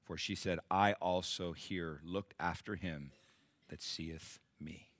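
A middle-aged man preaching a sermon to his church, rising to loud emphatic peaks and dropping to hushed, intimate asides. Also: sits low, fairly even intonation, no echo. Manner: acts out biblical characters in quick voices. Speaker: pastor.

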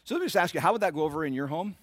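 A man's voice: fairly high pitch, animated, racing, no echo. A middle-aged man preaching a sermon as pastor, building to emphatic surges and talking directly to the congregation.

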